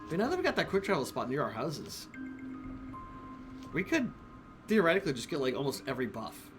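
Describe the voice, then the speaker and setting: A man's voice: on the high side, huge pitch swings, a little fast. A man streaming a video game, rambling casually and swearing as he plays. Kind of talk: casual gameplay commentary. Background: game music.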